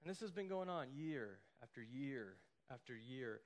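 A man's voice: mid-range voice, lively intonation, normal speed. A man preaching a sermon in a conversational way, often asking "right?" and acting out the people in the story. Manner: conversational preaching, acts out quoted lines, frequent "right?" and "like". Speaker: pastor.

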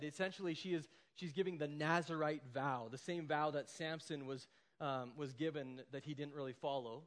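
A man preaches a sermon in an easy, conversational tone, his voice sitting a little higher than most. He keeps checking in with his listeners and briefly acts out the characters as he retells the story. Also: steady tone, moderate pace. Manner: conversational preaching, acts out quoted lines, frequent "right?" and "like". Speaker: pastor.

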